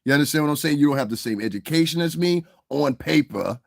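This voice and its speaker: A man's voice: fairly high pitch, expressive, fast talker, gravelly, dry recording, clean studio sound. A middle-aged man ranting in heated, profane commentary, often asking "you understand what I'm saying". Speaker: commentary vlogger.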